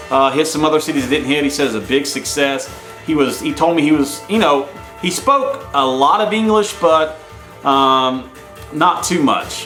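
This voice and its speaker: A man casually showing off his collection to viewers in an excited, rambling way, often calling out to them as guys. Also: medium pitch. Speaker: collector vlogger. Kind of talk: casual show-and-tell vlog. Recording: echoey room with faint music.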